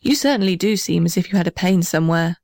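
Woman as an old male tree, stiff, dignified, soft inside, storybook. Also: lowish voice, animated, fast talker, dry recording, studio quality. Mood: cross. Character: old male gum tree, stern but kind-hearted.

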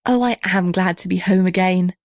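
Lady reading as a brisk homey country wife, lowish voice, dry sound. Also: dry recording, lightly acted. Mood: glad.

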